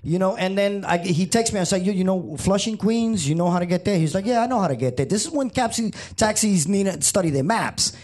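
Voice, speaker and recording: A man telling a story casually, swearing and acting out loud impersonations. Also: high voice, lively intonation, brisk, few pauses. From New York. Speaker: guest.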